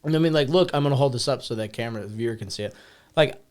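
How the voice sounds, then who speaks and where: A man's voice: mid-range voice, fast talker, a little mellow. A man on a casual podcast explaining things loosely, with plenty of fillers and casual swearing. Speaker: podcast co-host.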